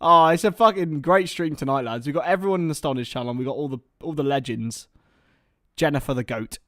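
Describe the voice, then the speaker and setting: A young British man hosting a live football watchalong, mixing excitable play-by-play with rambling banter. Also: a little high, fast talker, dry recording, studio quality. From Britain. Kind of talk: casual live match commentary and chat.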